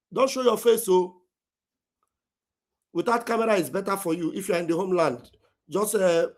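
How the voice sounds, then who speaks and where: A man with a Nigerian accent hosting a casual livestream, animated and often repeating himself. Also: high-pitched. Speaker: livestream host.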